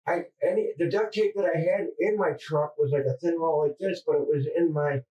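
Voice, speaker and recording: A man confessing under police interrogation, halting and distressed, stammering through restarts. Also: on the high side, fairly even intonation, dark tone. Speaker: murder suspect under interrogation. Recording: distant mic in interrogation room.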